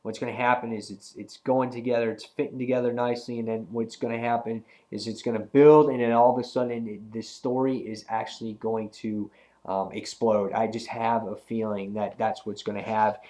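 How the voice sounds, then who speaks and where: A young man with a cold, reviewing a comic book in a rambling, slangy, excitable way. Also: lowish voice, moderate pace. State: has a cold. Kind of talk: casual video review.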